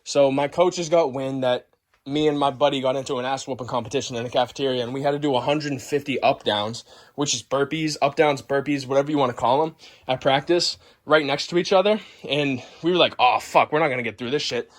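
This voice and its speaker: A young man vlogger telling a story in a loud, profane, boisterous way, acting out the scenes as he goes. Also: medium pitch, a little fast. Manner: boisterous, swears constantly, acts the story out.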